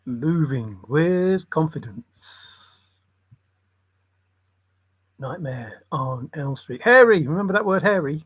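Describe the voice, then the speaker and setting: A man's voice: fairly high pitch, animated, slow, long pauses, fairly bright tone, slightly rough, no room sound. A man hosting a livestream, muttering loose word associations and breaking into bits of song. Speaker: livestream host.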